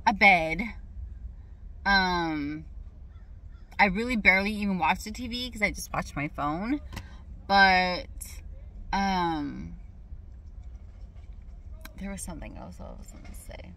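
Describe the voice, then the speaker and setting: Young woman talking faith in her car, lower voice but real bright and sharp, rambles and loses her place a lot. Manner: rambling, emphatic, loses her train of thought. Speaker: faith vlogger. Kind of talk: casual spoken testimony with scripture reading. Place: parked car.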